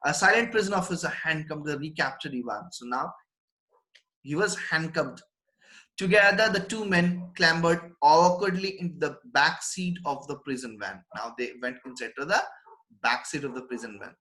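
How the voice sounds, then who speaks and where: A man's voice: on the high side, moderate pace, sharp tone, poor audio. A man with an Indian English accent, a teacher in a live online class, reads passages aloud, then explains them with frequent restarts. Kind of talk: live online lesson, reading and explaining a text.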